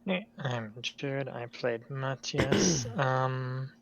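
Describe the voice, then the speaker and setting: A man playing in a tabletop game, speaking calmly and briefly. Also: mid-range voice, drawn-out words, creaky. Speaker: player. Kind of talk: casual tabletop play. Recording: dull, muffled sound.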